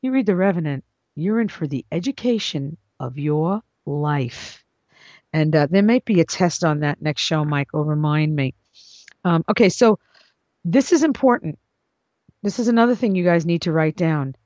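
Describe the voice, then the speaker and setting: A woman's voice: low voice, lively intonation, normal speed, darkish tone, no room sound. Blunt, emphatic woman host, lo-fi. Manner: blunt, emphatic, swooping into exclamations. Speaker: podcast host and script consultant. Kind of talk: casual monologue advice show. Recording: dull lo-fi dry recording.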